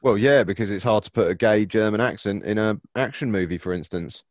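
A man with a somewhat low voice, bantering cheekily and sarcastically as a podcast co-host. The recording is dry and a little dull. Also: brisk, no room sound. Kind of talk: casual chat.

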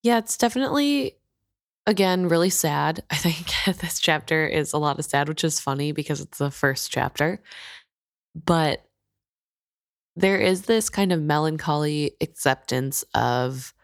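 A woman with a very low voice reflects on a sad chapter and poses questions to her co-host. Her tone is curious and thoughtful. The sound is dry and close. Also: unhurried, gravelly, no room sound. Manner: reflective, inquisitive. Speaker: podcast co-host. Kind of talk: casual chat about a book.

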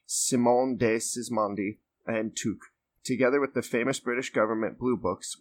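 A young man on a podcast who reads a history text aloud and breaks off into loose, rambling chat full of fillers. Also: fairly low pitch. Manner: reads steadily, then rambles with fillers and swearing. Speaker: podcast co-host reading aloud.

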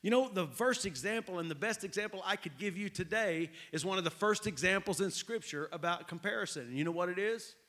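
Animated preacher, fairly high voice. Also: male voice, a little fast, few pauses. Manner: animated, repetitive preaching with call-outs to the crowd. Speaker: pastor. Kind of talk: sermon.

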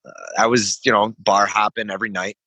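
A young veteran man tells a story in a casual, rambling way, laughing and swearing as he goes. His voice is bright and forward. It is close and dry, with no room sound. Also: fairly low pitch, level tone, a little fast, husky, no echo. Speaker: podcast guest, veteran.

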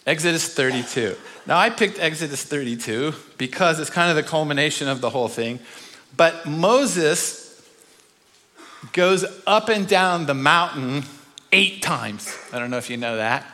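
An animated man delivers a sermon, firing off rhetorical questions and now and then slipping into voices to act out the story. His voice sits a little high for a man. The sound carries a long reverb, as in a big hall. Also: measured pace. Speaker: speaker. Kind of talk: sermon teaching.

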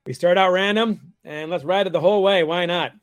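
A middle-aged male author being interviewed, spinning stories with a wry, animated delivery. His voice is a touch high and the recording is dry and close. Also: fairly quick, dry recording. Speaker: guest author. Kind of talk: casual interview chat.

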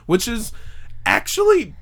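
A man's voice: very high voice, huge pitch swings, takes it slowly, gravelly, fairly bright tone. A young man hosting a casual podcast, telling a story in a rambling, jokey way with lots of fillers.

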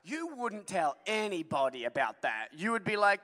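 A man preaching with a very high, bright voice, joking with the congregation and firing questions at them. His energetic sermon echoes with long reverb through a large church hall. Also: normal speed, hardly any pauses. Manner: humorous, energetic, quizzes the congregation. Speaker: pastor.

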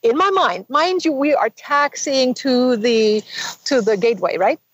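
A woman guest in an interview, telling a long personal story in an animated way and acting out the quoted dialogue. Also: sits high, measured pace, slight background noise, low-quality recording. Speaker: guest author.

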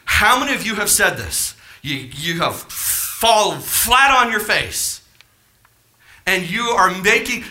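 An impassioned male preacher with a high, bright, cutting voice that leaps and dips all over his range. He peppers the congregation with rhetorical questions, swelling to near-shouts before falling back to quiet asides. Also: expressive, normal speed. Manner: impassioned, rising to near-shouts then dropping low. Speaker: pastor. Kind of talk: sermon.

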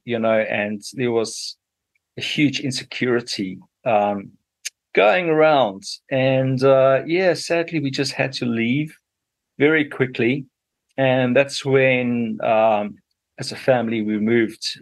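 A man's voice: medium pitch, takes it slowly. A middle-aged man from Zambia with a Zambian accent, a radio interview guest telling his story unhurriedly with many fillers.

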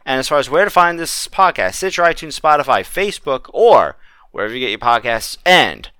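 A man hosting a podcast who drops dry, wry remarks and runs through the outro. His voice is bright and crisp, recorded dry and close. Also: mid-range voice, animated, fairly quick, no room sound. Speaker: podcast host. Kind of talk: casual chat.

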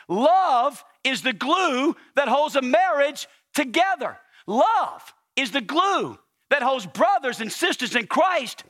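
A man preaching from the pulpit in a high, bright, forceful voice. He hammers home repeated phrases and swells toward near-shouts as he presses each point on the congregation. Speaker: pastor. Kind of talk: sermon. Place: church service.

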